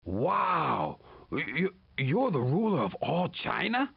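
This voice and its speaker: An eager young male explorer from a retro video game, chirpy and wide-eyed. The voice is high and bouncy with a husky edge. Quiet game music plays under it. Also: wildly swooping pitch, slow pace, highs cut off, exaggerated voice. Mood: curious.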